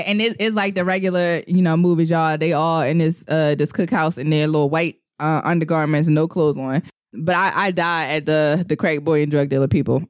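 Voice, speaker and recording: A podcast co-host recaps a movie in a loose, casual way, jumping into the characters' lines and breaking into laughter again and again. The voice sits at a middle pitch and sounds dry and close to the mic, with no room around it. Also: no echo. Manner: animated retelling, acting out lines, laughing often.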